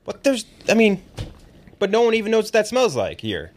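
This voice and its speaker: A man's voice: sits high, huge pitch swings, moderate pace. Chatty man hosting a podcast. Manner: loose, swearing, lots of "like". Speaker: podcast host. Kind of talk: casual chat.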